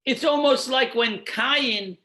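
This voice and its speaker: A man's voice: extremely high pitch, takes it slowly, pushed and bright. A man, a rabbi, teaching a Torah class, posing rhetorical questions and then answering them while guiding listeners through numbered source texts. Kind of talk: explanatory lecture.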